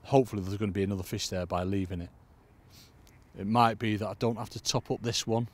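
A man's voice: lowish voice, little pitch movement, fast talker. A man giving a casual fishing tutorial outdoors at a lakeside, chatting away and calling his listeners "folks". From United Kingdom. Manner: chatty, keeps addressing "folks". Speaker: angling coach. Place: lakeside outdoors in cold weather.

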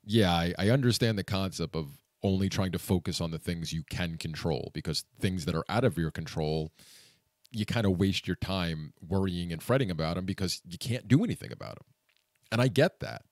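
A man's voice: sits low, brisk, no room sound, clean studio sound. A man vlogging, telling a frustrating story in a venting, rambling way with many fillers. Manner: frustrated, venting, lots of "you know" fillers. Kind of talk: personal vlog storytelling.

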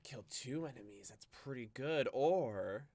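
A man's voice: medium pitch, animated, measured pace, a little mellow, no echo. A young adult man streaming a game, making rambling, joking commentary. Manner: joking, rambling and self-mocking. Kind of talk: casual gameplay commentary.

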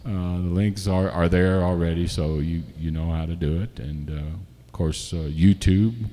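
A man hosting a live-stream music show from home, chatting casually and joking, with frequent pauses and fillers. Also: low-pitched, steady tone, warm tone, in a large hall. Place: home setup, not a studio.

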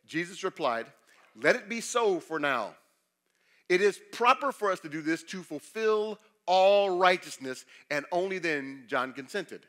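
Bright-voiced preaching pastor. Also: male voice, high-pitched, lively intonation, a little slow. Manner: preaching with sweeping shifts between loud emphasis and quiet confession; asks the congregation rhetorical questions. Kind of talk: sermon.

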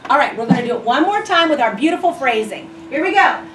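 Teacher leading a classroom in reading. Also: female voice, high-pitched, expressive, fast, slight background noise. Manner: encouraging, reads aloud with the class in a chanting rhythm. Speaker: first grade teacher. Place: classroom with children. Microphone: far camera mic. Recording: echoey classroom from far off.

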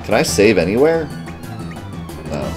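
A man with a very low voice talks casually through a video game, half-muttering his asides as he reads menus. Faint background music plays underneath his commentary. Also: very animated, a little slow. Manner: mumbly, muttering asides while reading menus. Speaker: let's play host.

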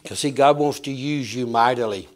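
A man preaching a fiery sermon in a church, swinging between loud shouts and quiet asides. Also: mid-range voice, moderate pace. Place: church sanctuary.

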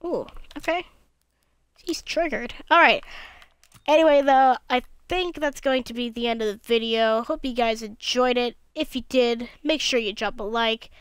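A woman's voice: a little high, moderate pace, clean tone, dry recording. Tired young woman with a slight lisp. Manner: tired and cranky, mumbling asides to self. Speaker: gaming video creator. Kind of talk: casual gameplay commentary. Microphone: gaming headset.

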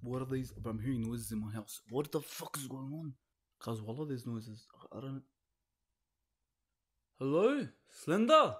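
Young man, husky voice, nervous let's play chatter, alone at home. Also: mid-range voice, fairly quick, dark tone. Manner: nervous, swearing, rambling and hesitant. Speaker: gaming video host. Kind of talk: horror game let's play commentary.

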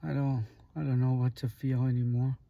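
A man recording a soft, halting late-night video diary while grieving and worn out. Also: medium pitch, little pitch movement, creaky. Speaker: vlogger. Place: small private sleeping area, indoors.

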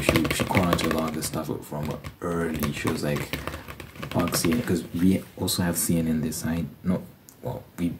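Young male ASMR host, very low voice, rambling profane chat over heavy background noise. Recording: loud background noise and clicks.

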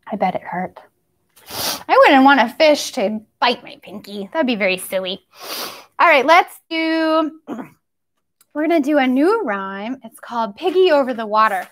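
A woman's voice: sits high, animated, unhurried. A young woman leading a toddler story time, playful and sing-song, with animal noises and sound effects.

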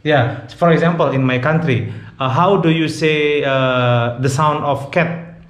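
Playful Indonesian-accented man, higher voice. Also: unhurried, echoey room. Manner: playful, mixes Indonesian and English. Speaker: host. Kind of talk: casual street interview.

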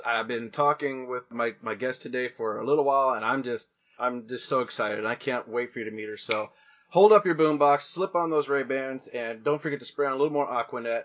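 A man's voice: mid-range voice, fairly bright tone, highs cut off. A man in his thirties hosting a podcast, upbeat and playful, chatting casually with a few false starts. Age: 30s. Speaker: podcast host.

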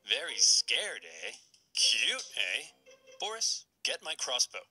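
A man voicing a young, glory-hungry Tsar who is boastful and easily fooled, in a smug, drawn-out purr for a comic history cartoon. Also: medium pitch, big pitch swings, pushed and bright, soft background music, rough recording.

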